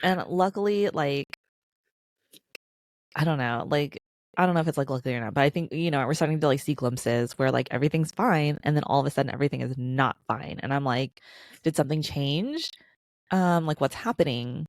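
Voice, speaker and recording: Late 30s mom cohost, low voice, reflective n encouraging, very dry sound. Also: female voice, no room sound. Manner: supportive, reflective, slow when making a point. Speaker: podcast co-host. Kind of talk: casual chat.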